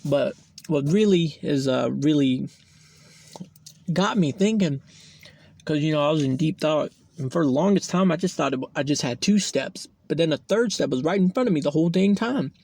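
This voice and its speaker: A man's voice: a little high, lively intonation, normal speed, gravelly, darkish tone. A young man hosting a podcast, telling a personal story in a rambling, profane way, full of fillers. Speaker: podcast host. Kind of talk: casual storytelling monologue.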